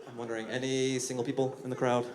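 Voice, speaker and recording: A man in his forties doing a conversational stand-up set into a handheld mic, often breaking into squeaky voices for his acted bits. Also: flat delivery, quick pace. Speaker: stand-up comedian. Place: comedy venue stage before a laughing audience. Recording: live show with crowd laughter and noise.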